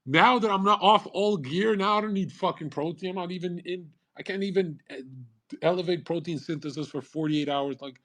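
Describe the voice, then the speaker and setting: A man's voice: sits high, brisk, a bit bright. A young man ranting casually on a livestream, brash and profane, rambling with frequent restarts. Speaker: livestream host.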